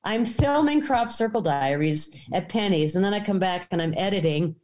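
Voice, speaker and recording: A woman filmmaker telling a story in conversation, acting out the dialogue with animated pitch jumps. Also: moderate pace. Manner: animated, acts out quoted dialogue. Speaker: documentary filmmaker.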